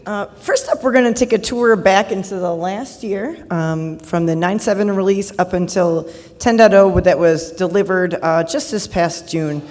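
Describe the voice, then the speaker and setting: A woman's voice: mid-range voice, darkish tone. Chatty woman presenting in a big hall. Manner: fast, chatty and upbeat. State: voice going hoarse. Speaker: conference presenter. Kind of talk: product update presentation. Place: large conference hall. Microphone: handheld or podium mic. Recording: reverberant conference hall.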